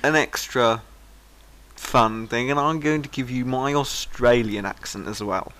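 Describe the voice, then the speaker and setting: A man's voice: mid-range voice, measured pace, a bit bright, a little hiss or hum. A British man rambling through a recorded message he sent in as a listener, chatty and self-deprecating.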